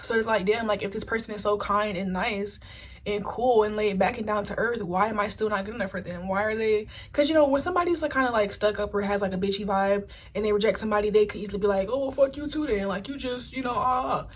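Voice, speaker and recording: A woman giving a casual pick-a-card tarot reading, chatty and animated, swearing freely. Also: medium pitch, fast talker. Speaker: tarot reader.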